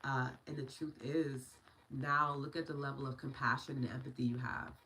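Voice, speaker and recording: A woman's voice: a bass voice, level tone, normal speed, bright, forceful tone, a little hiss or hum, rough recording. A woman in her thirties hosting a meditation and EFT livestream, affirming viewers and answering their comments by name in casual chat. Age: 30s.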